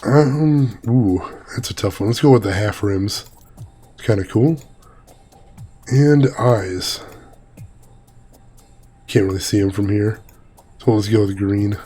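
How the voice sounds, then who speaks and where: A man's voice: lowish voice, slow pace, pauses often, warm tone, husky, soft background music. A man with a slightly weak voice hosting a let's-play, chatting, joking and reading game text aloud. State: voice a little weak. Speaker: gaming video host. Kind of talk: casual let's-play commentary.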